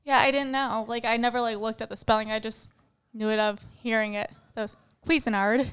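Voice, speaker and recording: A woman with a fairly high, smooth and clear voice chats casually as a podcast co-host. She laughs often and fills her sentences with "like". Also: fairly even intonation, brisk, a bit bright. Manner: giggly, lots of "like" fillers. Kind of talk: casual chat.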